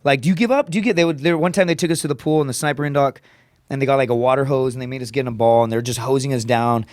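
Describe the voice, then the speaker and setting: A man's voice: fairly even intonation, dry recording, studio quality. A man telling blunt, profane stories on a podcast, peppering them with "dude" and "right?" and acting out other people's voices. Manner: profane, rapid storytelling with frequent "dude" and "right?"; acts out quoted voices with raised pitch. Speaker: podcast guest, comedian. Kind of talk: casual podcast storytelling.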